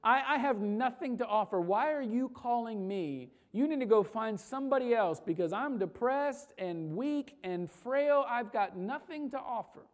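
A woman preacher voicing a frightened young man who doubts and pleads, speaking in rapid disbelieving questions. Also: fairly high pitch, animated, lightly acted. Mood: self-pitying.

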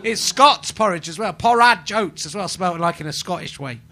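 A man's voice: high-pitched, expressive, moderate pace, sharp tone. A man from England hosting a live podcast in front of a small audience, chatting in a rambling, mock-indignant, jokey way. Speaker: podcast host. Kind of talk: live stand-up podcast chat.

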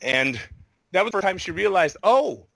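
A man's voice: sits high, a little fast, gravelly, no echo. A middle-aged man, a podcast guest, telling a story with animation and acting out the voices of the people in it. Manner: animated, acts out players' voices in his story. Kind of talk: storytelling in a casual chat.

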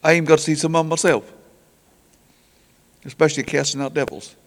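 This older preacher's voice sits a bit high, and his delivery is flat and brisk. He spins folksy revival tales, stumbling over and repeating words as he plays the people in them, with church hall reverb around him.

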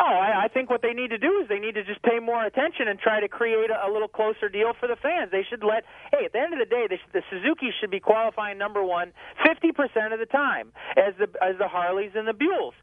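A man's voice: extremely high pitch, no echo. A man calling in to a motorsports radio show, talking emphatically and repeating himself. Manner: emphatic, repeats phrases, talks fast and loose. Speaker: drag racing guest on phone. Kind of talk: casual radio phone interview. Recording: tinny phone line.

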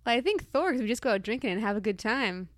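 A woman co-hosting a podcast in casual chat, playful and quick with jokes. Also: a little high, lively intonation, no echo, studio quality. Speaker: podcast co-host.

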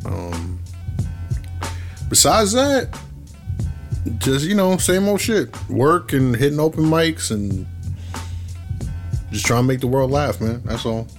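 A man who does stand-up, co-hosting a podcast with quick, laid-back slangy reactions. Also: mid-range voice, sing-song, faint music behind. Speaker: podcast co-host. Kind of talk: casual banter.

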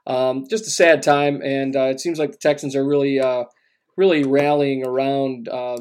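A man's voice: medium pitch, level tone, normal speed, darkish tone, clean tone. A man co-hosting a casual sports podcast, talking in a laid-back, rambling way with lots of fillers and restarts. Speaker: podcast co-host.

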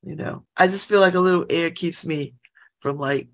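A middle-aged woman chatting casually at home by an open window, laughing often and breaking into animated asides. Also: lowish voice, normal speed. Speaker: vlogger. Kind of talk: casual monologue.

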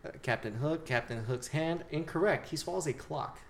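A man's voice: fairly high pitch, normal speed, creaky. Chill guy reading quiz questions, echoey room. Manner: laid-back, swears casually, laughs while asking. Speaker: quiz host. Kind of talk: casual quiz chat. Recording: echoey room, faint noise.

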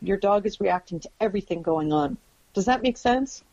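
Podcast guest: woman, mid pitch, earnest and emphatic, muffled lo-fi audio. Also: moderate pace, vocal fry, a little mellow, breathy edge. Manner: earnest, emphatic explaining with check-in questions. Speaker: guest expert on dogs and families. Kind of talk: podcast interview. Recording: dull lo-fi audio.

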